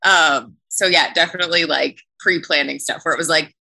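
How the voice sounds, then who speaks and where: Bright, chatty woman voice actor. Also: low voice, steady tone, moderate pace, vocal fry. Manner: chatty, laughing, lots of "like". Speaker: voice actor on an after show panel. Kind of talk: casual chat. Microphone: home recording setup.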